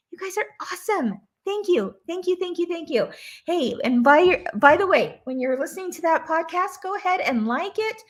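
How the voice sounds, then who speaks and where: A woman hosting a live stream, reading viewer comments aloud in an enthusiastic, bubbly way and laughing often. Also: extremely high pitch. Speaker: host.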